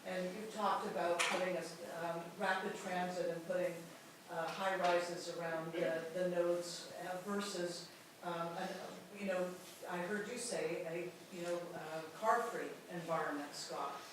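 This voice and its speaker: A woman's voice: lowish voice, fairly even intonation, measured pace. A woman with a Canadian English accent asking a hesitant question from the audience, with many fillers. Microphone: far from the microphone. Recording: distant, echoey, noisy hall audio.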